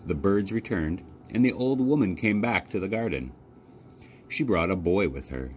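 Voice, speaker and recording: A man from a library youth program reading a children's novel aloud as expressive storytelling. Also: normal speed, slight background noise. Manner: expressive storytelling with lively pitch. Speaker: library youth services coordinator. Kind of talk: children's book read-aloud.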